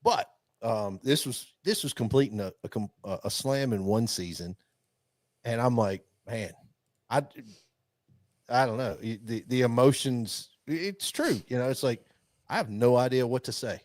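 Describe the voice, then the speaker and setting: A man's voice: mid-range voice, expressive, normal speed, darkish tone, no echo. A man co-hosting a podcast, rambling through a hunting story with lots of restarts and chuckles. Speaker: podcast co-host. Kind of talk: casual chat.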